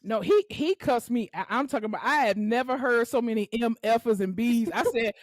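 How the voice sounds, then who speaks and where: A young adult woman co-hosting a podcast, telling a work story in casual chat and acting out the quotes with loud swearing. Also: a little high, expressive, a little fast, no room sound. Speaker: podcast co-host.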